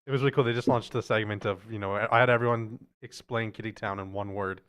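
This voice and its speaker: A man's voice: fairly low pitch, fairly even intonation, quick pace, fairly bright tone, clear, resonant tone. A man guesting on a podcast, chatting casually, laughing often and rambling a little. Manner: giggly, rambling, friendly. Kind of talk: casual chat. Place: small podcast studio.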